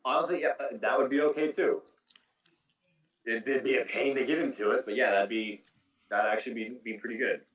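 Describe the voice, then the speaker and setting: A man's voice: medium pitch, steady tone, fairly quick, fairly bright tone. Man, casual podcast host, detailed explainer, roomy echo. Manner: explanatory, walks through game details at length. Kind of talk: casual podcast chat about video games. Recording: echoey room, distant mic.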